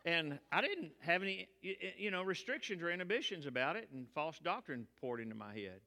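A man's voice: fairly high pitch, big pitch swings, a little fast, bright, forceful tone. An older man, giving a folksy testimony sermon from the pulpit. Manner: folksy, colloquial storytelling. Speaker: preacher. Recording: long reverb of a large hall.

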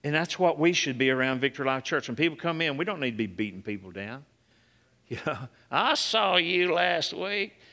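A male pastor delivers a sermon at a quick pace, calling out to the congregation as he moves between loud, high, emphatic peaks on key points and soft, low passages for quieter moments. He's in a church sanctuary, and the recording carries a long hall reverb.

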